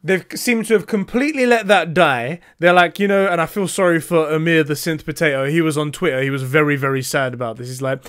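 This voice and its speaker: Brief: animated, slightly high-voiced male podcast co-host, casual gaming chat, casual swearing. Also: quick pace, few pauses, clean tone.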